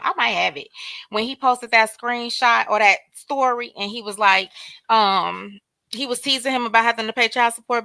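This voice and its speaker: A woman's voice: fairly high pitch, sharp tone, clear, resonant tone, no room sound. A woman hosting a casual livestream commentary, talking straight to her viewers and calling out chat names. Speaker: livestream host.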